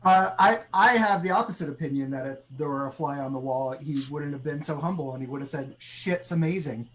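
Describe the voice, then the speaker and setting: A man's voice: on the high side, fast talker, fairly bright tone, poor audio. Wry male comedy panelist. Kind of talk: joking game show answer.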